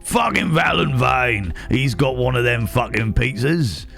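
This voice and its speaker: A man voicing a greedy, cocky seagull in a rough Cockney accent. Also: medium pitch, expressive, a little slow, fairly bright tone, exaggerated voice. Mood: scheming.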